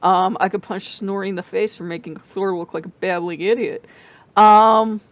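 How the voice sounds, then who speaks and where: A woman hosting her own vlog, telling a story in a casual, animated way and laughing often. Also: mid-range voice, moderate pace, lo-fi sound. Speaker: channel host.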